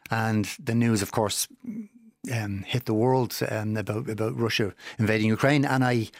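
A man guest on a radio arts show, talking in a halting way and searching for words, recorded in a studio. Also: lowish voice, steady tone, dry recording. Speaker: musician guest. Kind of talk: casual radio interview.

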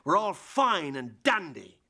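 A betrayed husband with a lilt, sneering and sarcastic, his lively voice swinging up and down as his anger boils over. It is a radio play, with a bitter, biting edge that gives way to rage. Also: on the high side, measured pace, heavily acted. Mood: bitter sarcasm. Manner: sarcastic, biting, building to fury. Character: bitter jealous husband, drinking, middle-aged. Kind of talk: radio drama acting.

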